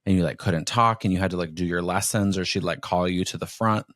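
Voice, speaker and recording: A man hosting a podcast, telling stories in a rambling, animated way over casual chat. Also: deep voice, a little fast, dry recording, clean studio sound. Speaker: podcast host.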